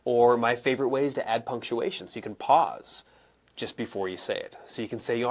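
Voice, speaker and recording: A young adult man coaching live viewers in a casual, conversational way, acting out examples with pauses and emphasis. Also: mid-range voice. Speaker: coach and speaker answering viewer questions. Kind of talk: live-streamed teaching. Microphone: camera mic, moves around and sits back down.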